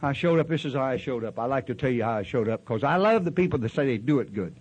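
A man's voice: medium pitch, lively intonation, fast talker, a little mellow, breathy edge. An older man sharing his story at a recovery meeting in a rambling, folksy way, acting out other people's voices. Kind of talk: storytelling share.

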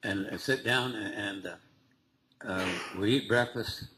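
A man speaking to a recovery meeting, telling his story in a halting, conversational way with frequent restarts and small laughs. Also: on the low side, bright, forceful tone, slight background noise, rough recording. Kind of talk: personal recovery story told to a group.

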